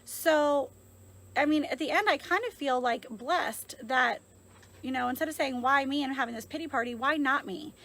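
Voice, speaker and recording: A woman's voice: high voice, normal speed, a bit bright, low-quality recording. A woman in her thirties speaking earnestly and reflectively into her phone, a mother sharing her story in a heartfelt vlog with lots of fillers. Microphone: phone held in hand.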